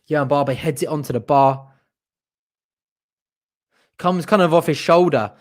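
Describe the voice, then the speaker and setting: Cheering for his side and groaning at every missed chance, a young man provides partisan, excitable fan commentary on a live match. His pitch is fairly high, yet he keeps a measured pace.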